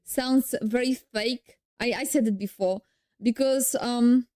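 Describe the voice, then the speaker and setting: A woman's voice: fairly high pitch, fairly even intonation, slow pace, a little mellow. A young woman with a Polish accent, a streamer casually reacting and thinking aloud with frequent restarts.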